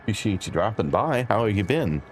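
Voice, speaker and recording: A deep-voiced man streaming a video game and talking casually to his chat. His delivery is dry and wry. Faint noise sits under his voice. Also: big pitch swings, brisk. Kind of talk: casual live-stream commentary.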